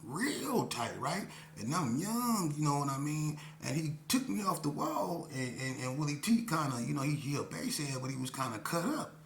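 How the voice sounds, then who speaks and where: A man's voice: a little high, big pitch swings, moderate pace, vocal fry, few pauses. A man telling a personal story in a casual, slangy way, often saying "you know what I'm saying". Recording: roomy echo, faint hum.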